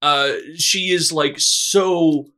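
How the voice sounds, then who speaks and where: A man's voice: a little high, fairly even intonation, extremely slow, sharp tone. A man hosting a casual podcast, rambling and sarcastic with frequent laughter. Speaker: podcast host.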